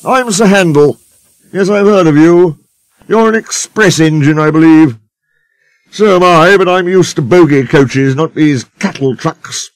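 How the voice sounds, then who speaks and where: A man's voice: a little high, measured pace, no room sound, voice pushed up, lightly acted. A man voicing a haughty, sulky male engine who snorts and grumbles. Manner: snorting, lofty and rebellious.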